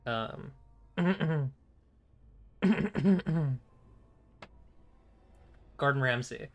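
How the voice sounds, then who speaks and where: A man's voice: medium pitch, unhurried, pauses often, sharp tone. A young man streaming a video game, chatting casually, joking, laughing often and swearing. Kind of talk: live gaming commentary.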